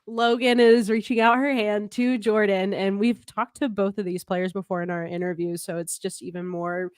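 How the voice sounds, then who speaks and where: A woman's voice: mid-range voice, fairly even intonation, normal speed, smooth, dry recording, clean studio sound. A young woman co-hosting a casual sports recap show. She gushes with enthusiasm and fills her talk with "like" and "y'all". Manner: enthusiastic, gushing, full of fillers like "like" and "y'all". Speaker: sports podcast co-host.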